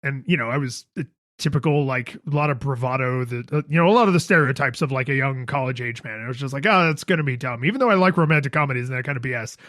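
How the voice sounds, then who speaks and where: A man's voice: mid-range voice, rapid-fire, a bit bright, dry recording, clean studio sound. A man in his thirties co-hosting a casual podcast, talking in a wry, emphatic way and laughing easily. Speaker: podcast co-host. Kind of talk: casual chat.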